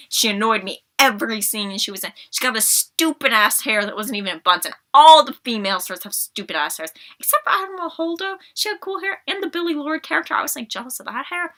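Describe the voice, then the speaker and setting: A young woman with a very bright, sharp-edged voice tears into a film in a casual podcast rant. She sounds exasperated and sarcastic, a little under the weather, and talks with lively, pointed emphasis. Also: a little high. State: slightly sick. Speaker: podcast host.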